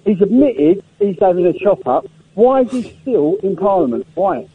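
A man calling into a radio show, blunt and animated, full of slang. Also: high-pitched, moderate pace, breathy edge. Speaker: caller. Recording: tinny phone line.

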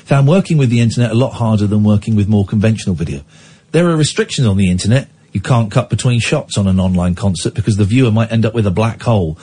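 A man's voice: lowish voice, fast talker, warm tone, slightly rough. A man hosting a radio phone-in, rambling and chatty, reading news items aloud with asides. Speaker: radio show host. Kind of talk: casual talk radio with listener calls.

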